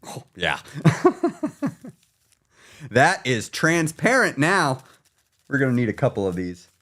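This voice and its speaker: A man's voice: medium pitch, very animated, slow, fairly bright tone. A man hosting a casual live stream, talking straight to viewers in a pushy, teasing way and laughing often. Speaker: live stream host, weight loss coach.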